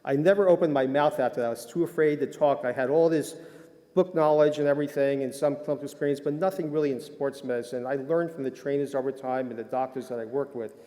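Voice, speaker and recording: A man's voice: medium pitch, steady tone, fast, mellow. An older man, a sports medicine doctor, giving a rambling, self-deprecating conference talk full of fillers. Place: lecture hall. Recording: reverberant hall.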